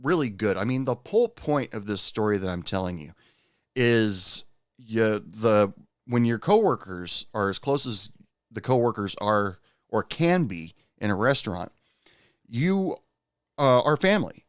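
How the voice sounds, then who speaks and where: A man with a lowish, smooth voice talks casually into a close mic, recounting a story as a podcast host. He meanders with frequent pauses and fillers. The sound is dry and close. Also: dry recording. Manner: rambling, many "uh" pauses, animated when quoting.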